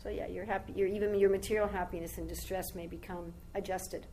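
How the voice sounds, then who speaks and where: A woman's voice: medium pitch, fairly even intonation, fast talker, warm tone, a little hiss or hum, poor audio. A woman giving a devotional talk as a spiritual teacher, telling a long story in a rambling, conversational way with asides to her listeners.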